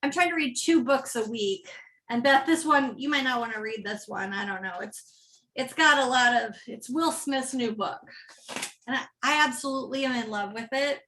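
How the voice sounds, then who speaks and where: Slight background noise sits behind this woman pastor's pushed, bright voice, which runs on the high side. Preaching in church, she keeps the sermon conversational and often checks in with the congregation by asking "right?"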